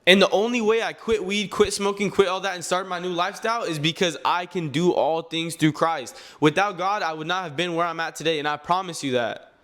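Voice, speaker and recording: A young man of nineteen speaks with a noticeably high voice, delivering a faith-driven motivational talk straight to his viewers. He is earnest and a bit preachy, and he often trips over his words and restarts sentences. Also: fairly quick, fairly bright tone. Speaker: clothing brand owner and vlogger.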